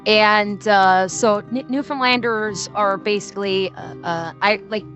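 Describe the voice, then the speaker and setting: A woman's voice: medium pitch, measured pace, fairly bright tone, faint music behind. A woman with a Midwestern accent chatting casually on a stream, rambling with many restarts and frequent laughter. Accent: Midwestern American.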